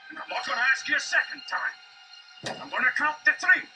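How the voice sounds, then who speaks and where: An actor playing a tough, menacing cop interrogating a prisoner, gruff and blunt, in a film scene with music. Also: male voice, extremely high pitch, a little fast, pushed and bright, distant mic, heavily acted. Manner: threatening, gruff, blunt commands. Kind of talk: film drama acting. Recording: film clip with music score.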